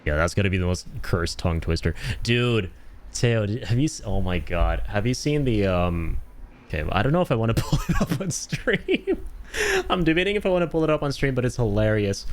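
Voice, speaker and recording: Low-voiced young man chatting on stream. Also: a little fast. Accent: North American. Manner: animated storyteller, laughs often, trails off with fillers. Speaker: livestreamer. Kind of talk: casual chat while streaming a game.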